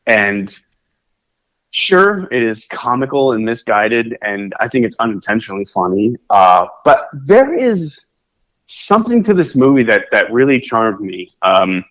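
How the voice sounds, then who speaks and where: A man talks in a casual podcast chat, rambling through fillers and restarts. His pitch swings widely as he gets animated. The recording sounds dull and lo-fi. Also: measured pace. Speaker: podcast co-host. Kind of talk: casual chat about films.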